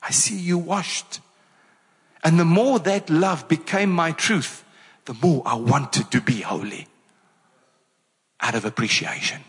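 A man with a South African accent delivers an energetic sermon, firing rhetorical questions at his congregation. His voice sits high and bright, and he speaks at an unhurried pace. A long church-hall reverb trails after each phrase. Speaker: pastor.

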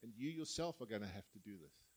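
A man's voice: fairly low pitch, animated, quick pace, slightly rough, rough recording. A man preaching a sermon, telling parables and acting out the voices of their characters. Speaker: pastor. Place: church.

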